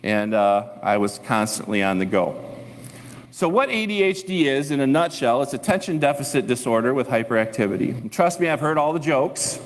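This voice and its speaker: A man preaching as a pastor, telling a lively story and acting out his own inner thoughts. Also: mid-range voice, a little fast. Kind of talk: sermon. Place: church sanctuary. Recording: long reverb of a church hall.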